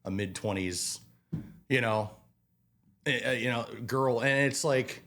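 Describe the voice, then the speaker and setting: A man in his twenties chats casually as a podcast guest. He tells stories from restaurant work with animated energy and acts out people's lines in his own voice. His pitch sits in a middle range. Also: takes it slowly. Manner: animated storyteller, acts out quotes, swears casually. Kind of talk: casual interview storytelling.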